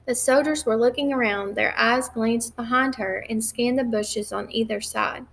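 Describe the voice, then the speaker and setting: Woman reading a novel aloud, slightly gravelly. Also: on the high side, steady tone, fairly bright tone. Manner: measured, occasional slips and restarts. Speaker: reader.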